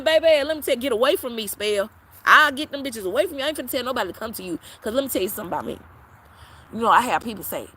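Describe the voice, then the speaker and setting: A woman's voice: on the high side, a little hiss or hum, poor audio. Brash, profane woman preaching to her followers. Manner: brash, profane, preachy, with sudden loud peaks. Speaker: tarot reader and teacher. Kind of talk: blunt live-stream chat to followers.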